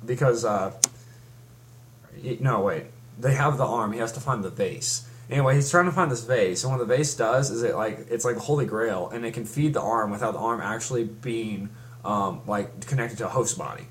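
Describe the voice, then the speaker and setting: A man's voice: mid-range voice, normal speed. Give me a young man casually recapping a story, rambling and restarting often. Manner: rambling, with many restarts and fillers. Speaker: fan recapping a comic. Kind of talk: casual chat.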